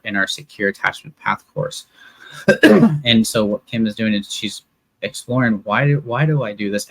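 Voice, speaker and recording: A man's voice: lowish voice, rough recording. A man co-hosting a live relationship Q&A, earnestly explaining ideas and prompting his co-host. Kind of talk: live Q&A discussion.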